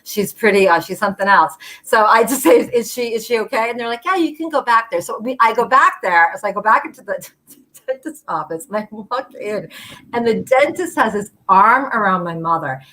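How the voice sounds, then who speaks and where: A woman's voice: medium pitch, animated, moderate pace, bright, forceful tone. A woman telling a personal story at a live storytelling show, chatty and full of fillers, acting out the voices of the people she quotes.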